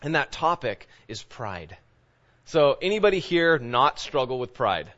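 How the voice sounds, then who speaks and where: A man's voice: mid-range voice, sing-song, a little slow, fairly bright tone, muffled recording. A man who is a pastor, preaching a sermon in a loose, conversational way, full of fillers and asides. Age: adult parent of children.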